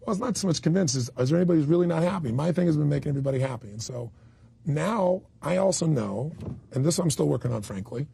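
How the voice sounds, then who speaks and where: Man, raspy gravelly voice, dark tone, blunt emphatic interview guest. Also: a little high, lively intonation, fast. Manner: blunt, emphatic storyteller with occasional swearing. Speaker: motivational speaker and interview guest. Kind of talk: candid conversational interview.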